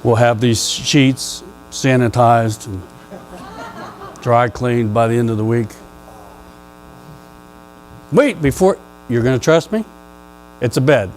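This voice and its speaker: A male pastor preaching a sermon in a church, conversational and playful with the congregation, rising to loud emphatic questions. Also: mid-range voice, takes it slowly, long pauses, a little hiss or hum, rough recording. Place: church sanctuary.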